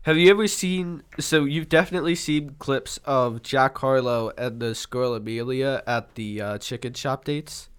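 Smooth-voiced young man, rambling. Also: mid-range voice, fairly even intonation, normal speed, few pauses. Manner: rambling retelling full of "like" and "dude". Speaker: podcast co-host. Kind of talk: casual chat.

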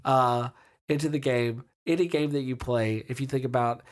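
A man's voice: medium pitch, steady tone, normal speed. A man co-hosting a podcast, chatting casually and thinking aloud with restarts and mild jokes. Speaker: podcast co-host. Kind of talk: casual chat.

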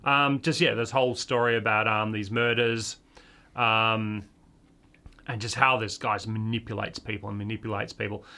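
A man with a bright, forceful voice talks through a film review in a loose, rambling podcast chat. He is eager and fills gaps with ums as he searches for words. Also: lowish voice, flat delivery, moderate pace. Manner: enthusiastic, rambling with fillers. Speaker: podcast co-host.

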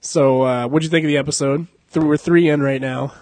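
A man's voice: a little high, steady tone, brisk, a little mellow, dry recording. A young adult man hosting a casual podcast, joking, cursing and laughing a lot. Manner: profane, joking, laughs often. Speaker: podcast host.

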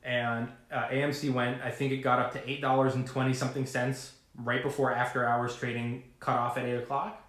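A man talking casually to camera about his investing, rambling and animated, swearing now and then. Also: medium pitch, fairly quick, few pauses, roomy sound. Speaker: retail investor vlogger.

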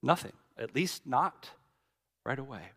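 A middle-aged man, a pastor preaching a sermon with dramatic storytelling, swinging from loud to hushed. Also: mid-range voice, big pitch swings, a little slow, gravelly.

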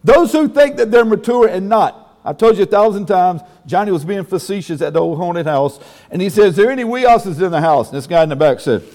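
High-voiced man preaching in a reverberant hall. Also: expressive, a little fast, few pauses, darkish tone. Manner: folksy, emphatic preaching with exclamations. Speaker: pastor. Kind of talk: sermon.

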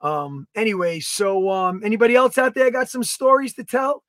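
A man co-hosting a podcast, telling a story in a casual, animated way, swearing and acting out his own quotes. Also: sits high, normal speed, no echo. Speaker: podcast co-host. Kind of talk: casual chat.

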